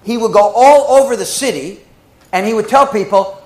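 A man preaching a sermon, telling stories with swings between hushed and loud delivery. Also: high-pitched, moderate pace, reverberant, rough recording. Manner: emotional, dramatic storytelling with swings from hushed to loud. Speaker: pastor.

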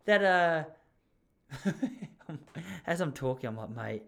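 A man's voice: a little high, slow, vocal fry. A young Australian man hosting a podcast, telling rambling, jokey stories in casual chat. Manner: rambling, jokey, animated storytelling with laughs. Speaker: podcast host.

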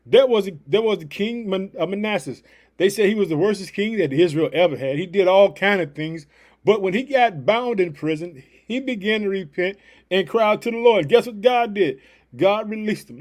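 High voiced guy preaching on his podcast, super pumped, keeps hitting the same catchphrases. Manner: fired-up and emphatic, repeating catchphrases. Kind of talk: upbeat devotional podcast sermon.

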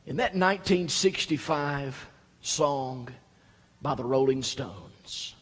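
A man's voice: takes it slowly, husky. Man preaching in an echoey hall. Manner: swings from low quiet reading to loud high-pitched preaching. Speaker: pastor. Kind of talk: sermon. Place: church sanctuary.

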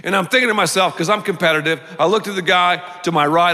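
A male pastor preaching a sermon, telling stories and acting out his own thoughts in a lively way. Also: high voice, quick pace, hardly any pauses. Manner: animated storytelling, acting out his own inner voice. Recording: long reverb of a large hall.

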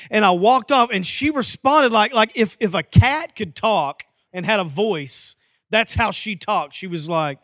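High-voiced preacher in a dry room. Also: male voice, unhurried, no room sound. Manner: lively preacher, folksy asides and acted quotes. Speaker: pastor. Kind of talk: sermon.

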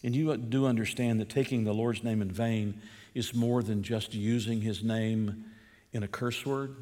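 A man's voice: fairly low pitch, steady tone, a little slow, darkish tone, big-room sound. A man preaching a sermon as pastor, posing rhetorical questions to his listeners and building emphasis as he goes.

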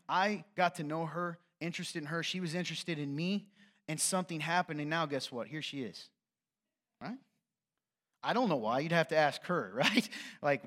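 A man's voice: a little high, a bit bright. A man preaching a sermon in a conversational, jokey way, often checking in with the congregation. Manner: conversational, jokey preaching with frequent "right?" asides. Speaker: pastor.

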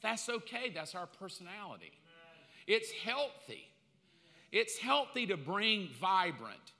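Bright, animated man preaching in a hall. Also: high-pitched, slow. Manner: comic, animated, acts out quotes in loud bursts. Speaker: pastor. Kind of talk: sermon. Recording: long hall reverb.

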